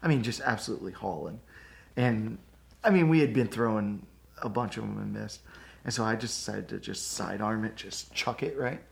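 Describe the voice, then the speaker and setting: Gravelly man telling a lively story. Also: fairly low pitch, moderate pace. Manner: animated storyteller. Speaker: podcast co-host. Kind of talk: casual chat.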